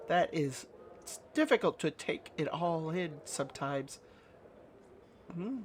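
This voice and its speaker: A man reading game dialogue aloud with commentary in a slow, musing, low-key way. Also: lively intonation, a little hiss or hum.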